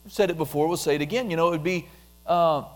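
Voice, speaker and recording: A man preaching a conversational sermon, repeating phrases and dropping into a soft, quiet voice when he prays aloud. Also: on the high side, fast talker. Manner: conversational, repetitive, drops softly into prayer voice.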